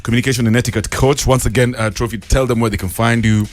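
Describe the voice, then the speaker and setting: Man, Kenyan accent with a foreign tinge, radio host, rapid chatty delivery, English with Swahili slang. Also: medium pitch, fairly even intonation, a little hiss or hum. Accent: Kenyan, slightly foreign-tinged. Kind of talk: casual radio interview. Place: radio studio.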